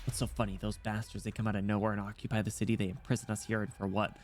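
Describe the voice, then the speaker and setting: A man reading aloud, voicing a frightened young female student who hides from guards, murmuring her thoughts in a hushed, anxious way. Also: fairly low pitch, level tone, rapid-fire, close to an everyday voice. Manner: hushed, anxious inner monologue.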